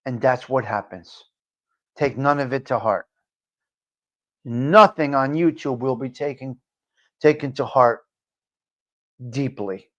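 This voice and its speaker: A New man holds forth on his live-stream talk show in a blunt, salty monologue. He drifts between low, muttered asides and sudden loud bursts. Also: slow pace, pauses often. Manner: blunt, profane, ranting, swings from low muttering to loud outbursts. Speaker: livestream talk show host.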